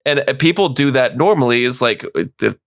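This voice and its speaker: A young man co-hosting a podcast, telling a story haltingly with many fillers. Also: mid-range voice, lively intonation. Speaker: podcast co-host. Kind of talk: casual chat.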